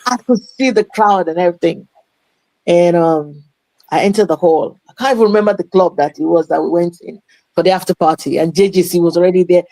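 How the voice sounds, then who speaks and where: Woman, interview guest, lively storyteller with Yoruba asides, dry close sound. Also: on the low side, a little fast, no echo, poor audio. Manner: animated storyteller mixing English with Yoruba phrases. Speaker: interview guest, playwright and promoter.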